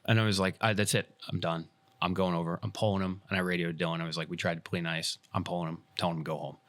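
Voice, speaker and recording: A man's voice: low-pitched, very fast. A man hosting a podcast, telling a story in casual chat and acting out the lines of the people in it. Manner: animated retelling, acts out quoted dialogue. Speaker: podcast host and airsoft field staff.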